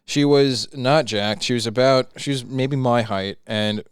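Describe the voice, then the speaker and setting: A man's voice: mid-range voice, unhurried, clean tone, no echo, clean studio sound. A young man co-hosting a podcast, telling a story in casual chat, swearing freely. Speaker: podcast co-host.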